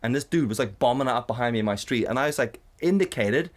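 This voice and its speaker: A man in his thirties from the UK, co-hosting a casual podcast chat, telling rants in a sweary, animated way. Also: mid-range voice, fast talker. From United Kingdom. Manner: sweary, animated storytelling with mocking put-on voices. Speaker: podcast co-host.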